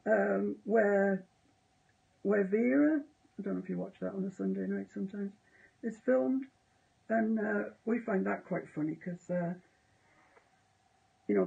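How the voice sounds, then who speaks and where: A chatty woman talks through a painting demo on a live stream. Her voice is gravelly and husky, and the audio sounds dull and lo-fi. She often drifts off mid-sentence. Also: medium pitch, darkish tone. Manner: chatty, self-amused, trails off mid-sentence. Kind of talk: casual live painting demonstration.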